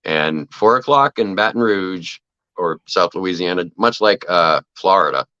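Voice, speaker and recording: A man telling animated set stories on a podcast, swearing freely and acting out what others said. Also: low voice, measured pace, clean tone, no echo, lo-fi sound. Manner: animated anecdotes, acts out quoted voices, swears freely. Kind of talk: casual podcast storytelling.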